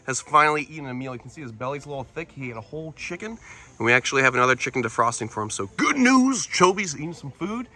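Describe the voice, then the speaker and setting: An enthusiastic man hosting an animal vlog, breaking into high excited exclamations. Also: quick pace, reverberant. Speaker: reptile keeper and show host.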